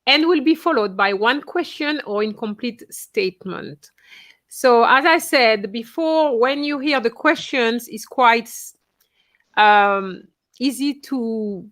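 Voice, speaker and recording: A woman's voice: fairly high pitch, a bit bright. A woman teaching a French class online, explaining instructions patiently and checking in with her students.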